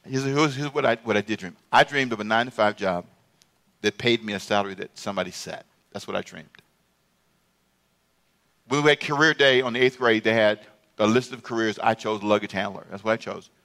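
A man preaching a sermon to a congregation, telling stories from his youth and calling out to the crowd, going from hushed musing to loud shouts. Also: on the low side, fairly quick. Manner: calls out to the congregation for responses.

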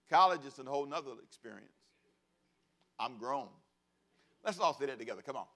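A middle-aged pastor delivers a sermon in an easygoing, joking way, drawing the congregation in with call-and-response lines. He slips into quick mock voices of kids and parents as he tells his stories. His voice sits at an ordinary pitch for a man. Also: animated, a bit bright. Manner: conversational, humorous, asks congregation to repeat phrases.

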